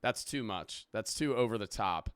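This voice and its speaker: A man's voice: on the low side, lively intonation, normal speed, fairly bright tone, clean tone, no echo, clean studio sound. A male streamer chatting casually on a live stream, rambling and swearing freely as he reads donations aloud.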